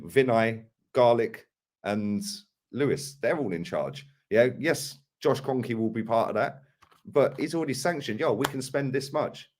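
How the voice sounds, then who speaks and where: A man's voice: on the low side, a little mellow. A man, a podcast guest arguing his point emphatically and asking for agreement. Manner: emphatic, keeps asking "right?". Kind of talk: casual podcast chat.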